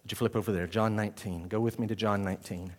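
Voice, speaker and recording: A man preaching a sermon as pastor, swinging from quiet, low passages to loud, raised exclamations. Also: steady tone, fast.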